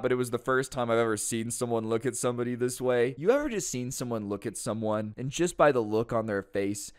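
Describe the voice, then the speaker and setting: A man's voice: mid-range voice, clean tone. A man casually telling a school story to his channel, chatty and exasperated, with slangy asides. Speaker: storytime YouTuber.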